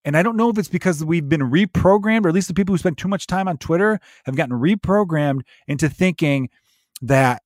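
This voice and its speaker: A man's voice: a little high, brisk, dry recording. A man, a comedian, rants his way through a podcast monologue, swearing freely and wandering from point to point. His voice sits close and dry, with no room sound around it. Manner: profane, ranty, digressive.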